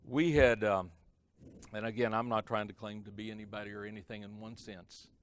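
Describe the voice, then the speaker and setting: A man preaching as a pastor, telling a story in a sermon and swinging his loudness from hushed to loud for effect. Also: lowish voice, brisk, slight background noise. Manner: animated, varies loudness for effect. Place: church or conference hall.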